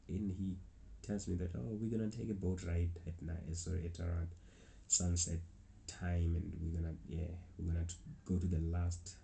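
Young man, low and gravelly, casual rambling vlogger; faint keyboard clicks behind. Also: mellow, a little hiss or hum. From South Africa. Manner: rambling, with many restarts and acted-out quotes. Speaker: travel vlogger. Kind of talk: casual travel story.

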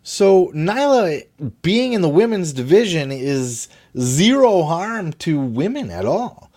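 A man hosting a wrestling podcast, talking in a blunt, profane, animated way. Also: fairly high pitch, slow pace. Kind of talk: casual opinionated commentary.

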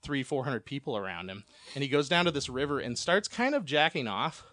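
A man's voice: medium pitch, big pitch swings, fairly quick, fairly bright tone, no echo. A man telling a long, rambling personal story as a podcast guest, laughing often and swearing freely.

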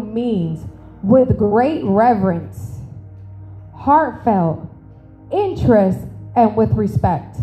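A woman preaching to a church, telling a funny story with animated acted-out dialogue, then slowing to emphatic phrasing on scripture. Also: medium pitch, dull audio. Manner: animated, humorous, acts out conversations. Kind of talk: sermon with storytelling. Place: church service.

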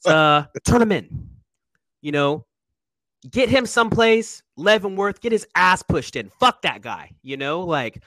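A man's voice: sits high, bright, forceful tone, dry recording. A soldier, a man, speaking candidly and emotionally in a conversation, earnest and emphatic, often restarting his sentences. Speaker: soldier guest.

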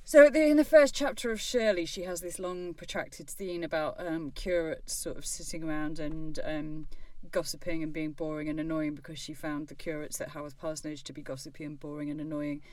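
A woman's voice: sits low, flat delivery, a little fast, no room sound, recorded from a distance. A woman co-hosting a podcast, chatting casually about books with lots of fillers and restarts. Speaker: podcast co-host. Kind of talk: casual literary chat.

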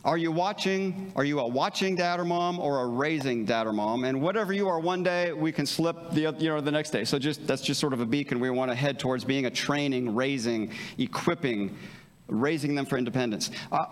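A man's voice: fairly high pitch, normal speed. A man preaching a sermon as pastor, earnest and conversational, often checking in with his listeners. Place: church sanctuary. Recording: church hall reverb.

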